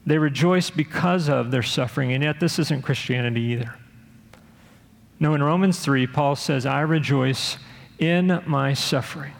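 A man's voice: fairly high pitch, normal speed, gravelly. A man preaching a sermon with earnest delivery, sometimes acting out the voices of people he quotes. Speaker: pastor. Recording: long hall reverb.

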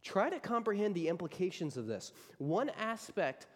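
A man's voice: sits high, very animated, normal speed, long reverb tail. A man preaching a sermon as a pastor, emphatic and driving his points home by repeating key phrases.

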